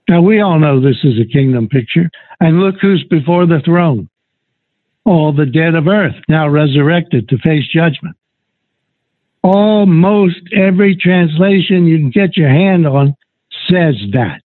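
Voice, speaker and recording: Slow husky man teaching Bible study. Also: fairly high pitch, lively intonation, no echo. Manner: slow, deliberate, reads scripture aloud. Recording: tinny phone-line recording.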